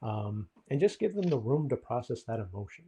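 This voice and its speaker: Man, therapist, podcast co-host, mellow warm tone, reflective, casual explaining. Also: medium pitch, big pitch swings, brisk, husky. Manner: reflective, explanatory, frequent ums.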